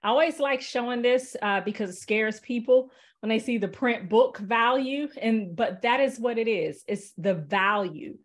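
A woman casually presenting software in a webinar, chatty and relaxed, with many fillers, over a video call. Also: a little high, moderate pace, few pauses.

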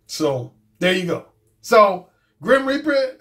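A man's voice: high-pitched, sing-song, moderate pace, a bit bright. A man hosting his own channel, giving a casual, blunt and profane commentary monologue and repeating his points. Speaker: dating coach and YouTube host.

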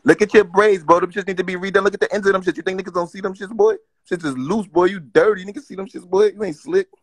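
A man's voice: high-pitched, fairly even intonation, fast talker, breathy edge, no room sound. A man joining a live stream, taunting the host with insistent, repetitive jabs. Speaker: livestream guest. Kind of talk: trash-talking livestream roast.

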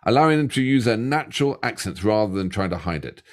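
This man has a lowish voice and talks in a loose, rambling way, cracking jokes and swearing now and then. He is co-hosting a casual music reaction chat with a friend. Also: sing-song, brisk. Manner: jokey, rambling, swears freely. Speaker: reaction video co-host.

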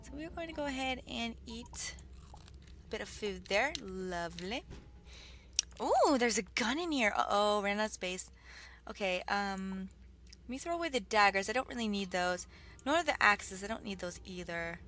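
Bright, bubbly young woman narrating her gameplay, lively swings, faint keyboard clicks behind. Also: medium pitch, moderate pace, a little hiss or hum. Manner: excitable, gushing, lots of exclamations and laughs. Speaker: let's play host. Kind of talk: gaming commentary. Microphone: budget desktop mic with keyboard clicks.

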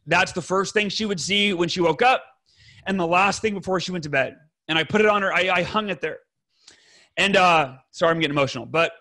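A man in his thirties speaks as a podcast guest, earnest and rambling, often correcting himself mid-sentence. His voice sits high and bright. He clears his throat often and drops the odd curse word. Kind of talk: emotional personal story to fathers.

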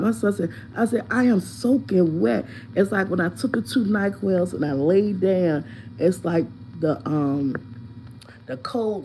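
A woman in her fifties, nose stuffed up from a cold, rambles through a story on a casual home live stream. Her voice sits at a middling pitch and her talk is loose, chatty and storytelling. Faint background hiss runs underneath. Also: dark tone, poor audio. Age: 50s. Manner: chatty storytelling, greeting viewers by name. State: congested with a cold, sniffling. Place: at home, lying down.

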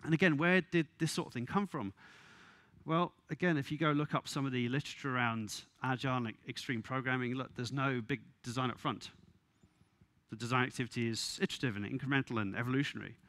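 A man giving a conference talk, wry and exasperated, with quick asides and laughs. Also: mid-range voice, fairly even intonation, a bit bright, no room sound. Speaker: conference speaker. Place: conference venue.

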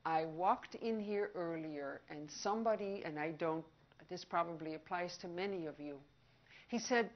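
A woman giving a lively public presentation on hearing. She asks the audience questions and acts out short scenes. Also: lowish voice, normal speed. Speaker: audiologist giving a public talk. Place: outdoor picnic gathering. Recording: dull lo-fi recording.

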